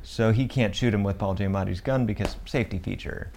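A young man with a fairly low voice rambles through a movie plot in casual podcast chat. He jokes as he goes, leaning on fillers and restarting his sentences. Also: a little fast, creaky, darkish tone, a little hiss or hum. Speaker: podcast co-host.

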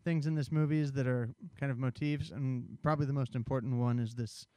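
A man with a smooth, resonant voice walks through a movie's story in relaxed podcast chat. The sound is close and dry, with no room around it. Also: medium pitch, brisk, dry recording. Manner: conversational, explains plot at length. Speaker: podcast co-host summarizing a film. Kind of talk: casual film discussion.

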